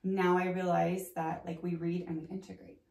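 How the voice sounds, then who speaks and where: A woman's voice: lowish voice, level tone, moderate pace, vocal fry, darkish tone. A woman guest in a casual interview, talking chattily about her Reiki journey with lots of fillers. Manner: chatty, many "like" fillers, acts out her own past thoughts. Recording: roomy, slightly distant mic.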